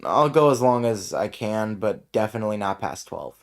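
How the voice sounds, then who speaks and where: A tired man taking part as a player in a casual tabletop game, speaking in a low-key, unhurried way. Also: expressive, vocal fry.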